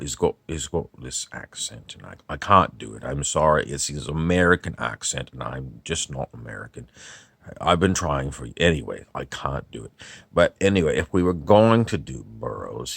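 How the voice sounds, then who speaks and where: A man's voice: very deep voice, gravelly, fairly bright tone, breathy edge, no room sound, full character voice. A man doing a rambling old novelist. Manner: rambling, halting, apologetic, self-interrupting. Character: rambling older male British novelist. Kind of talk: comic impression monologue.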